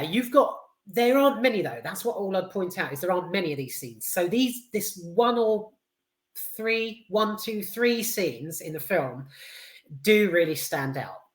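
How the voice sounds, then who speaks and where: A woman giving a casual, enthusiastic film review, rambling and hesitant with lots of fillers, restarts and casual swearing. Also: mid-range voice. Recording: roomy echo.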